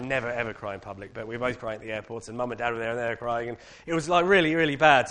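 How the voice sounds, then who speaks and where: In front of an audience, a British man gives a personal testimony in a medium-pitched voice. He speaks candidly and with animation, leaning on many casual fillers.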